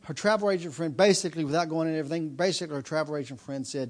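Guy preaching, voice a bit high, tells a story then gets loud and rhythmic. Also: rapid-fire, hardly any pauses. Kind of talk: sermon with personal story.

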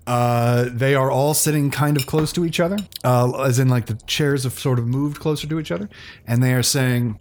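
A man's voice: mid-range voice, steady tone, moderate pace, a little hiss or hum. A man narrating as game master, often laughing and restarting his phrases.

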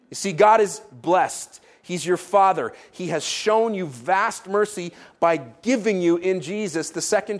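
A man preaching a sermon as pastor, stressing points by repeating them and checking in with the congregation. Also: high-pitched. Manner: emphatic, repeats key points, asks "right?".

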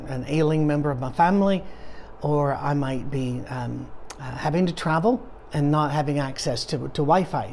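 A tired male pastor talks through a Bible study in a loose, digressive way, full of ums and restarts. His voice is mellow and relaxed rather than bright. A faint hiss sits behind it. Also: a little high. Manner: rambling, digressive, with many fillers and restarts. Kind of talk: conversational Bible study teaching.

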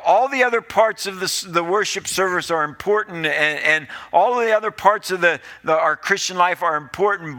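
A man's voice: high-pitched, sharp tone. A male pastor preaching a sermon in an earnest, pleading way, often repeating his phrases.

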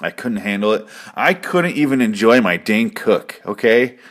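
A man's voice: lowish voice, expressive, normal speed, a bit bright. A man hosting his own show, rambling through a casual recap with swearing and jokes. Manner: rambling, profane and jokey. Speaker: podcast host.

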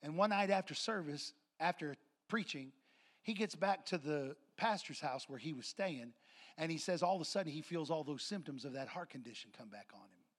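A man's voice: a little high, lively intonation, normal speed. A man preaching a sermon to his congregation, telling a story and acting out voices and laughter. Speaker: pastor. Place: church sanctuary with congregation.

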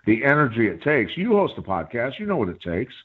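Man, guest, profane storyteller, lively swooping pitch, tinny phone line. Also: a little fast, husky. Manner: profane, animated, rambling storyteller. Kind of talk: casual storytelling chat.

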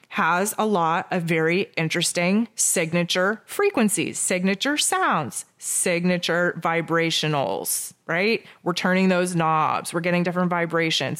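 A woman with a somewhat low voice talks through an astrology forecast. She speaks off the cuff, leans on sarcasm and self-mockery, and stacks up repeated words and phrases as she goes. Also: fairly bright tone, clean tone. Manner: repetitive, builds lists of near-synonyms.

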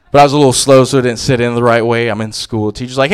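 A man's voice: mid-range voice, racing, few pauses, clear, resonant tone, soft background music. A young man doing a stand-up comedy set on a club stage, telling brash, profane stories into a handheld mic.

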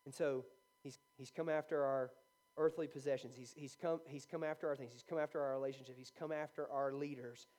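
A man's voice: mid-range voice, steady tone, brisk, a little mellow. A male pastor preaching a sermon conversationally, often restarting his phrases.

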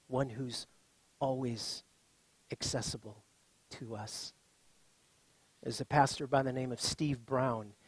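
A middle-aged man preaching a sermon as pastor, impassioned, swinging from loud declarations to soft, quiet words. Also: medium pitch, husky, no echo.

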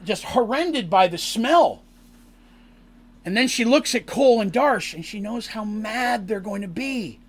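A man recapping a tabletop role-playing session as game master, in animated storytelling that bursts into acted character lines. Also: high voice, normal speed. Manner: lively, acts out characters' lines in shouts and squeals.

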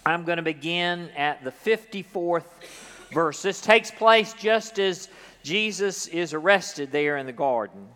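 Pastor, male, high smooth voice, unhurried sermon delivery in a reverberant church. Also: lively intonation, fairly bright tone. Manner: dramatic scripture reading, then coaching a congregation to sing. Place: church sanctuary. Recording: long hall reverb.

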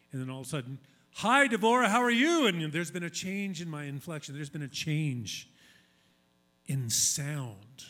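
A male pastor giving a sermon in a conversational, emphatic style, repeating key phrases for weight. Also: on the high side.

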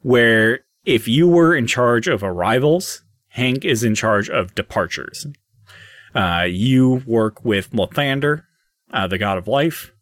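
A man narrating a tabletop game as dungeon master, casual and halting with fillers. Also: medium pitch, lively intonation, a bit bright, dry recording, studio quality.

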